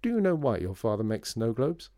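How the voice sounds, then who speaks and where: A man voicing a stern older woman, a family friend who scolds and then turns gentle. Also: mid-range voice, big pitch swings, a little fast, no room sound, studio quality.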